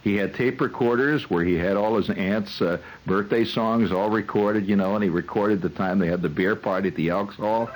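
A man's voice: on the low side, moderate pace, hardly any pauses, low-quality recording. A man who hosts on the radio, telling a rambling, wry comic monologue full of digressions and hesitations. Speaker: radio host.

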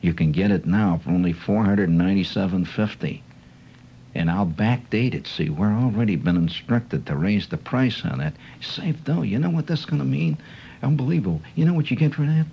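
A man voicing a sly, fast-talking male car salesman who confides in a wheedling, conspiratorial patter. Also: fairly low pitch, vocal fry, warm tone, a little hiss or hum, poor audio.

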